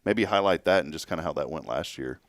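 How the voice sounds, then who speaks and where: A man's voice: rumbling low, fast talker, a bit bright, no echo. A man hosting a casual studio talk show, joking and laughing. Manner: jokey, laughing, plays with words. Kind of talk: casual chat. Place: studio with audience.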